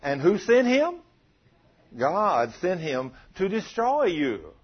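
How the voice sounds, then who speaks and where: Husky preacher, animated sermon. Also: male voice, sits high, slow pace, lo-fi sound. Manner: animated, calls out to the congregation and acts out prayers.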